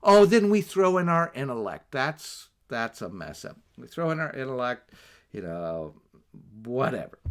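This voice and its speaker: A man preaching a Bible teaching sermon on a livestream, animated, with asides and rhetorical questions. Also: medium pitch, a little slow. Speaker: pastor.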